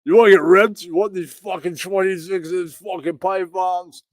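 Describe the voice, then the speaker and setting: A man's voice: high-pitched, normal speed, no echo, studio quality. A man hosting a stream, ranting in crude, mocking comedy about a clip. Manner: mocking, profane, animated. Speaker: stream host reacting to clips.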